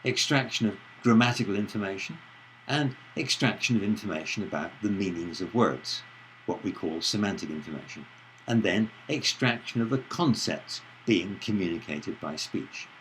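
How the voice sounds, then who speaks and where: A man giving a recorded lecture on speech and the brain in a measured, explanatory way, stressing words as he reads example sentences. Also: on the low side, fairly bright tone, slight background noise, poor audio.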